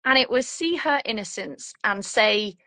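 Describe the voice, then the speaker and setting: A woman, a mother telling her story in a lively, animated way and acting out her own inner voice. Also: a little high, measured pace, no echo, rough recording. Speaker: guest, a mother. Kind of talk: casual conversational chat.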